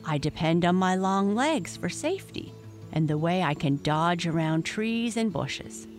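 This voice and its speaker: A woman's voice: fairly low pitch, animated, measured pace, soft background music. A woman voicing a timid, polite young male hare.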